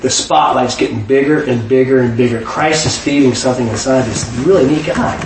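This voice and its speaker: A man telling a personal faith story in an animated way, often restarting his sentences. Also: mid-range voice, fairly quick, noisy background. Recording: echoey room, mic at a distance.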